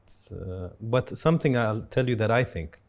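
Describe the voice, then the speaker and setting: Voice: mid-range voice, moderate pace, creaky, a little mellow. An interviewer responding to a guest's story in a reflective way, openly saying he is moved. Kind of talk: conversational interview.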